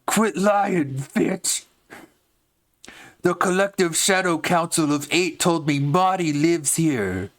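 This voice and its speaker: A man voicing a furious, shouting male goblin in shrill, frantic bursts. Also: expressive, takes it slowly.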